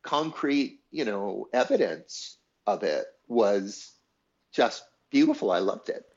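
A man's voice: fairly low pitch, takes it slowly, lo-fi sound. A man telling a personal story in an interview, acting out the people he quotes and laughing as he goes. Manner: animated storyteller, acts out quoted voices, laughs. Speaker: songwriter guest. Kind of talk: conversational storytelling.

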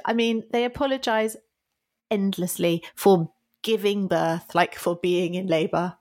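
A woman in her thirties co-hosting a relaxed podcast, her voice sitting at an ordinary middle pitch. She laughs easily and slips into apologetic voices to act out quotes. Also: unhurried. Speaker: podcast co-host. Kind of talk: casual podcast chat.

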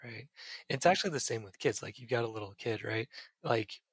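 A man's voice: medium pitch, a little fast, husky, no room sound. A man, a psychiatrist guest on a podcast, earnestly explaining ideas with everyday examples. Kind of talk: casual podcast advice.

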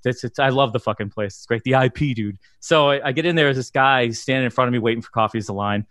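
A man's voice: medium pitch, fast talker, a bit bright, no echo, studio quality. Rambling Boston man telling stories. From Boston area, USA. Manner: rambling storyteller, swears freely, laughs often. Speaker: drummer telling tour stories. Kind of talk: casual podcast chat.

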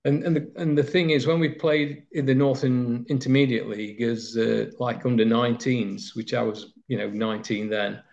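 In a reminiscing interview, a Nottinghamshire man drifts through football stories with lots of fillers. His mid-pitched voice has vocal fry and a darkish tone, delivered flatly at normal speed with few pauses, on slightly dull lo-fi audio.

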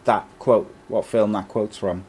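A man with a fairly low voice hosts a loose, chatty football podcast. He rattles off player names and reads listener comments aloud in an easygoing way. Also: fairly even intonation, measured pace, a little mellow, slight background noise. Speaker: podcast host. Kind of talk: casual football chat.

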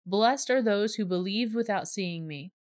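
Gentle calm male teacher, read by a woman, close dry storybook read. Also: mid-range voice, a little slow, dry recording, lightly acted.

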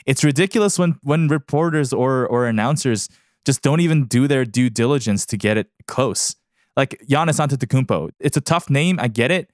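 A man's voice: medium pitch, no echo, studio quality. A man in casual podcast chat as the show's producer, emphatic and opinionated, laughing often.

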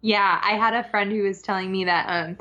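A woman's voice: mid-range voice, fairly even intonation, a little fast, sharp tone. A young woman guest talking in a chatty, laughing way with lots of fillers. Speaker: podcast guest. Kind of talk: casual interview chat. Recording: dull lo-fi remote line.

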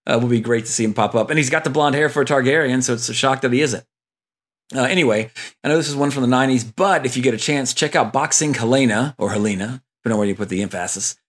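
A man's voice: medium pitch, racing, fairly bright tone. A man hosting a casual movie podcast, talking in a rambling way with many fillers and restarts, reading listener emails aloud. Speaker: podcast host.

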